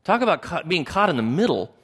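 A man's voice: on the high side, sing-song, fast talker, fairly bright tone, slightly rough, long reverb tail. A man preaching a sermon as pastor, emphatic and repeating key phrases for stress.

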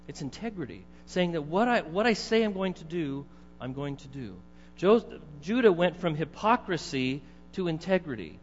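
Man, middle-aged pastor, conversational sermon, long hall reverb, faint hum. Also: a little high. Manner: conversational, asks the congregation questions. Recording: dull, echoey hall with mains hum.

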